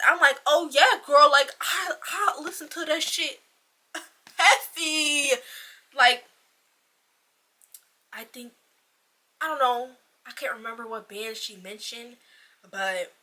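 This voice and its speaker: A woman giving a casual, profane, rambling book review in an animated ranting manner. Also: on the high side.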